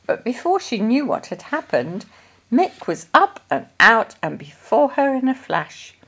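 A woman reading a children's story aloud in a gentle, deliberate storytelling manner. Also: a little high, sing-song, slightly rough. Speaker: storybook reader.

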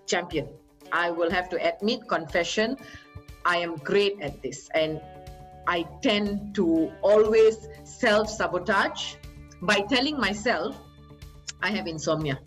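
A woman's voice: mid-range voice, poor audio. A woman giving a motivational talk as a trainer, upbeat and coaxing, with rhetorical questions to her listeners.

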